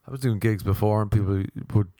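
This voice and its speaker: A man's voice: on the low side, fast, warm tone, no room sound, clean studio sound. A young man hosting a podcast, rambling through comic stories with plenty of swearing. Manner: rambling, swearing, jumps between silly impressions. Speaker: podcast host.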